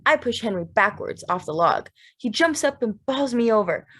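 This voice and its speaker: A woman narrating a literary audiobook in a steady, measured, plain way. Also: on the high side, slightly rough.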